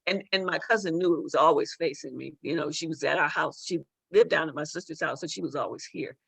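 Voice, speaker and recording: A middle-aged woman tells a personal story as a guest on a talk show, and her voice has a gravelly, bright edge. She repeats words and restarts as she talks. The sound is dry and close. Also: deep voice, fast talker, dry recording. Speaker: judge and author, guest.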